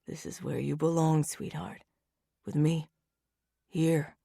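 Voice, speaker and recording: A woman narrator voicing a tender, soft-spoken cowboy who murmurs quietly to his love. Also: sits low, steady tone, takes it slowly, creaky, breathy edge, no echo, clean studio sound, pitched below the performer's own voice, full character voice.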